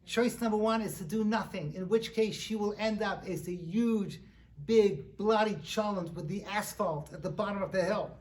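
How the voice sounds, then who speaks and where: Joking rabbi telling a lively story. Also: male voice, high-pitched, moderate pace. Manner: animated, joking, lots of fillers. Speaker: rabbi lecturer. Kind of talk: humorous sermon storytelling. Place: synagogue lecture.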